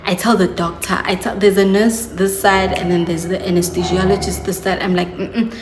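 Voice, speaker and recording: A woman's voice: lowish voice, flat delivery, normal speed, background noise. A young woman, telling a story to her viewers in a chatty, confiding way. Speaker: vlogger. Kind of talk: casual storytelling to camera. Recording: echoey room.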